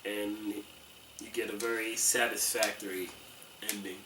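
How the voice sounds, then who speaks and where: A man chatting casually about a movie in brief low-key remarks. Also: little pitch movement, measured pace. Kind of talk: casual chat. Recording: echoey room, distant mic, faint noise.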